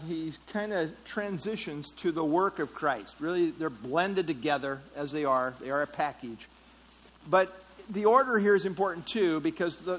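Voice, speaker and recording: In a poorly recorded interactive Bible study, a teacher with a fairly high, fairly bright voice and a breathy edge talks through a passage. He keeps it conversational, fills his speech with fillers, and asks the class questions.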